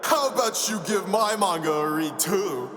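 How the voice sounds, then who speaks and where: A man's voice: high voice, animated, normal speed, a bit bright, echoey room, big-room sound, faint music behind, pitched above the performer's own voice. A man voicing a cool, composed young male manga character with a drawling, smug manner.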